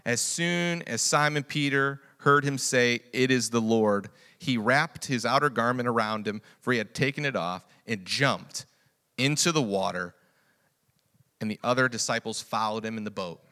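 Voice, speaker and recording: Male preacher, bright and forceful, drops quiet then builds loud and excited, laughs a lot. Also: medium pitch, normal speed. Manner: swings from quiet reflection to loud excited storytelling, laughs often. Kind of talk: sermon.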